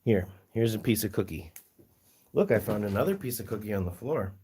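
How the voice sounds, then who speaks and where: A man's voice: lowish voice, expressive, a little fast, dark tone, slight background noise. A man hosting a casual livestream, talking fondly to his guinea pigs and his viewers, often breaking into laughter. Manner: chatty, fond baby-talk to his pets, laughs often. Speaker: guinea pig rescue livestream host.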